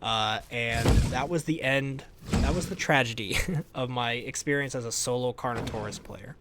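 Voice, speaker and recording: Young male gamer, casual animated recap voice, middle pitch, phrases trailing off. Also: normal speed, heavy background noise. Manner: animated storytelling, laughs often, trailing off quieter at ends of phrases. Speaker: gaming YouTuber.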